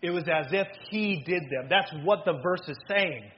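A man preaching an animated sermon as pastor, swinging between loud and hushed delivery. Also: high-pitched, normal speed, few pauses, lo-fi sound.

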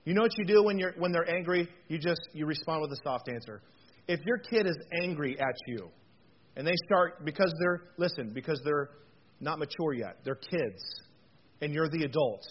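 A man preaching a conversational sermon in a chatty, animated way, with frequent fillers and rhetorical questions. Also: on the high side. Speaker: pastor. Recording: dull lo-fi sound with faint noise.

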